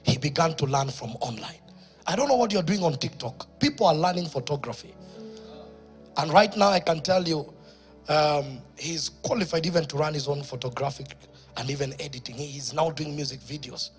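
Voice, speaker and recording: A man with a Kenyan accent, a pastor preaching a sermon in church, moving from quiet storytelling to loud exhortation. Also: on the high side, moderate pace, faint music behind.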